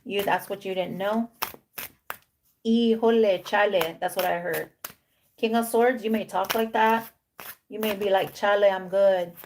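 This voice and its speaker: A tarot reader gives a casual reading in a medium-pitched, steady voice, a little slow and with frequent pauses, over a faint hiss or hum. She repeats herself for emphasis, slips Spanish slang into her English, and voices imagined lines for the card figures.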